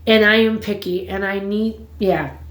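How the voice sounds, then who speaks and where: A woman talks to her viewers from home in loose, rambling casual chat, blunt and quick to swear. Her voice sits at an everyday middle pitch for a woman. The room around her rings with noticeable echo. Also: steady tone. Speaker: vlogger. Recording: roomy echo.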